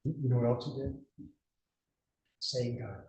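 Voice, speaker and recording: A man's voice: medium pitch, moderate pace, darkish tone, reverberant, far from the mic, rough recording. A male judge telling a chatty anecdote on a video call, acting out the people he quotes. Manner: chatty storyteller who acts out quotes. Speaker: district judge. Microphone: video call, away from the mic.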